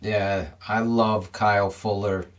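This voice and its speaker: A man co-hosting a sports podcast in casual chat. He speaks in a measured way, asks questions and teases dryly. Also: on the low side, level tone. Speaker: podcast co-host.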